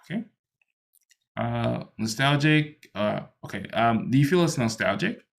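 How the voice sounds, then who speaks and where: A man's voice: mid-range voice, lively intonation, a little slow, creaky. A man teaching an online English lesson, patient and explaining with many ums and restarts, on a computer microphone. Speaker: English tutor.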